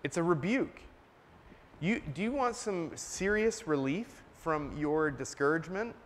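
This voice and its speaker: Earnest guy giving a sermon, kinda high voice, echo tail from a big church. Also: expressive, a little slow, a little hiss or hum. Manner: earnest, emphatic, coughs between points. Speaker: preacher. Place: church sanctuary. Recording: long church reverb.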